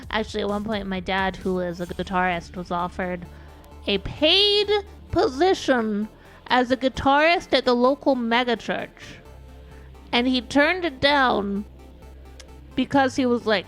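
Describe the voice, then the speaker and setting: Chatty woman streamer, fairly high voice. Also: measured pace, fairly bright tone. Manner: rambling and self-deprecating, with many restarts. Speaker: VTuber streamer. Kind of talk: casual stream chat while gaming. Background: faint background music.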